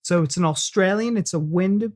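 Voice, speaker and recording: A man's voice: high voice, normal speed, a little mellow. An American man hosting a reaction video, chatting casually and joking with his co-host. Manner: playful, jokey banter.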